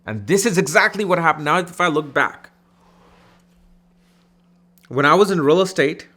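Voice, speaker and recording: A man from India teaching astrology in a casual, animated, conversational way, acting out people in his anecdotes. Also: a little high, normal speed.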